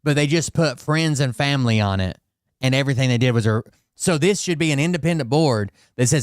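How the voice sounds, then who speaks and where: A man's voice: mid-range voice, a little fast, clear, resonant tone, dry recording, studio quality. A man with a Southern US accent hosting casual, profane commentary, rambling and sarcastic as he repeats his points. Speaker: commentary host.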